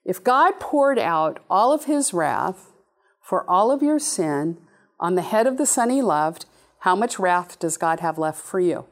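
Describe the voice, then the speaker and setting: A woman preaching a sermon in an animated, playful way, with sudden high exclamations. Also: measured pace. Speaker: speaker giving a talk.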